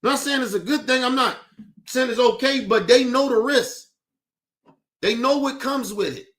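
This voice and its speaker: Heated, cursing man with a high voice. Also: normal speed, a bit bright. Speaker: podcast host. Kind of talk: profane rant on a talk show.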